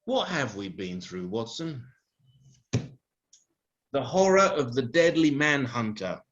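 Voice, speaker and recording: An actor playing a rude, arrogant detective in a live comedy sketch, in a British accent, talking in a brash, crude and boastful way. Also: male voice, mid-range voice, very animated, slow pace, fairly bright tone. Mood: scornful. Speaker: sketch performer. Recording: lo-fi live recording.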